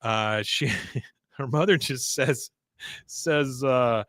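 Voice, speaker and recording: A man's voice: medium pitch, drawn-out words, a bit bright, no room sound, clean studio sound. A man hosting a podcast, casually recapping a TV episode in a rambling, laughing storytelling manner. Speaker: podcast host.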